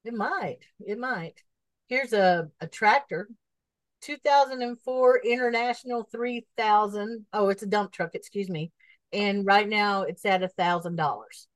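A woman's voice: mid-range voice, measured pace, no room sound, low-quality recording. A woman co-hosting a podcast in easygoing casual chat, laughing often and reading out listings. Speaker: podcast co-host.

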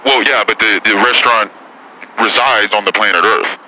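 A man's voice: on the low side, steady tone, moderate pace, bright, forceful tone, low-quality recording. A man doing a comedy impression of a brash, touchy female celebrity talk host who swears and gets defensive.

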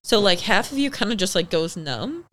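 A young woman, a podcast guest, telling a personal story in casual chat, animated and swearing freely, acting out the people she quotes. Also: medium pitch, moderate pace. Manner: acts out the people in her story.

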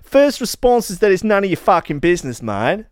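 A man's voice: sits high, very animated, a little fast, dry recording, clean studio sound, voice pushed up. A man voicing a blunt, sweary elderly academic with a put-on Australian accent. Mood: gruff. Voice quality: brash, swearing.

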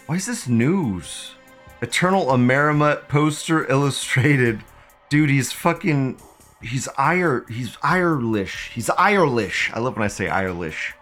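A man's voice: mid-range voice, animated, unhurried, a bit bright, faint music behind. A man hosting a casual livestream, reading out viewer comments and rambling off the cuff with frequent bursts of laughter.

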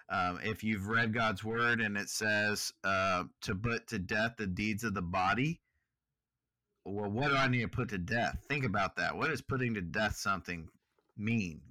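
Bright-voiced man co-hosting a faith podcast. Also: on the low side, no echo. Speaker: podcast co-host. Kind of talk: casual Bible study chat.

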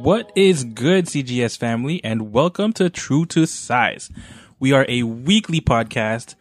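A man's voice: mid-range voice, animated, unhurried, faint music behind. A man hosting a casual podcast, upbeat and joking, laughing often with his co-hosts. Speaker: podcast host.

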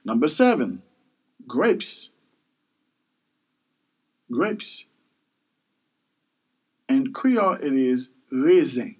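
A man hosting a podcast language lesson, repeating each word several times in a slow, animated way. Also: on the high side, breathy edge, low-quality recording. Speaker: language teacher, podcast host. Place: Miami.

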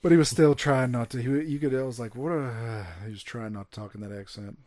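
A man's voice: medium pitch, brisk, no echo. Chatty young man with a drawl. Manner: animated storyteller, jumps into quoted voices. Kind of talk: casual chat.

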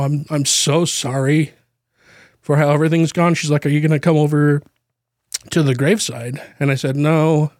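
A man co-hosting a podcast, telling a personal story in casual chat, halting with fillers and nervous laughs, grief close to the surface. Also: on the high side, a little mellow, no room sound. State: grieving, voice near tears. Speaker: podcast co-host.

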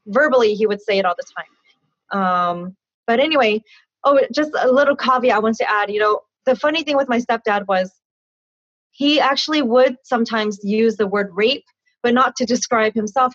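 With a slightly high, husky voice at an ordinary speed, a woman in her thirties tells her story as an interview guest, open and animated, often laughing and performing the conversations. The lo-fi sound is dull and dry, with no room sound.

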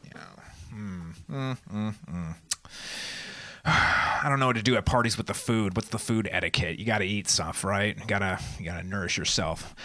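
A man's voice: fairly low pitch, brisk, few pauses, pushed and bright. A man in his twenties doing a stand-up set, with a wry, meandering, self-deprecating delivery. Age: 20s. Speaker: stand-up comedian.

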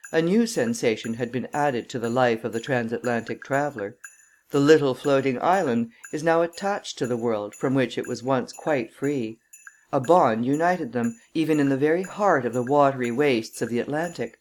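A woman reading a classic novel aloud as an audiobook narrator, measured and formal. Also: a bass voice, animated, darkish tone. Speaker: audiobook reader.

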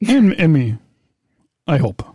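A man's voice: very animated, slow, dark tone, slightly rough, no echo. A man co-hosting a casual podcast, reading listener questions in a playful radio voice. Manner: reads listener questions in a high sing-song radio voice. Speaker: podcast co-host.

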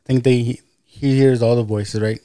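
Man, mid pitch, soft short interjections; supporting co-host. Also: fairly even intonation, normal speed. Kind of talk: casual chat.

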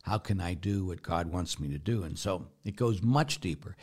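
Blunt priest with forceful manner. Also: male voice, deep voice, moderate pace, breathy edge. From Pittsburgh, United States. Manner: blunt, forceful, storytelling with rambling restarts. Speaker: Catholic priest answering listener questions. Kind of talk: casual Q&A talk.

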